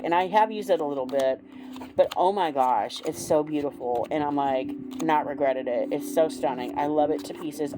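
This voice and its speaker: A woman with a low, deep-set voice gushes over her favorite decks in a loose, chatty way, full of ums and restarts. Clear background music plays underneath her talk. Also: low-quality recording. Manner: gushing, chatty, many fillers. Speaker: tarot vlogger. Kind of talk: casual show-and-tell.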